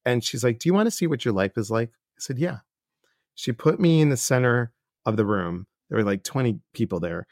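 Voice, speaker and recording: A man's voice: mid-range voice, a little fast, no room sound, clean studio sound. A middle-aged man hosting a podcast interview, telling stories earnestly and acting out what others said. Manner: earnest, animated storyteller who acts out others' lines. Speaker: podcast host and life coach. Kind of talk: casual interview chat.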